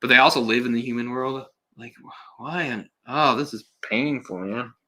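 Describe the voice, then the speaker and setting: Sarcastic man with a bright voice. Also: mid-range voice, moderate pace. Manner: sarcastic, exasperated, swears. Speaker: film commentator. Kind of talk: solo live movie commentary.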